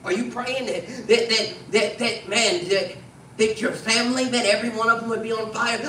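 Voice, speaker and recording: A man's voice: very high-pitched, bright, forceful tone. A man preaching a sermon, earnest and conversational, often tagging his sentences with "man" and restarting his phrases. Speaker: pastor. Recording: distant mic in an echoey room with faint noise.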